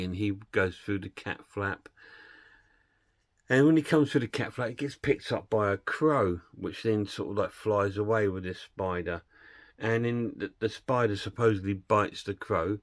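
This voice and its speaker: A man's voice: fairly low pitch, moderate pace, no room sound, studio quality. A man casually retelling a film plot and reviewing it, rambling and hesitant with plenty of fillers.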